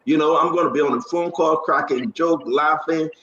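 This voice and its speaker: A man's voice: a little high, normal speed, reverberant, lo-fi sound, noisy background. A man hosting a casual online talk show, chatty and upbeat, drifting into preachy asides.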